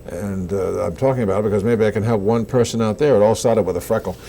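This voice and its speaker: An older actor being interviewed, telling animated anecdotes and acting out the lines people said to him. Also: male voice, fairly low pitch, fast, a little hiss or hum. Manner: animated anecdotes with acted-out quotes. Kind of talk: casual interview storytelling.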